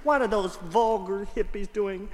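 A man's voice: high voice, a little slow, slight background noise. A man voicing a patient middle-aged husband who soothes his upset wife in a coaxing, placating way. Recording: live hall with long reverb, faint music.

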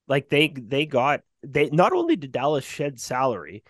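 A man co-hosting a college radio hockey show, chatting casually and chiming in with quick agreements. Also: medium pitch, very animated, fairly bright tone, dry recording, clean studio sound. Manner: easygoing, chimes in with short agreements.

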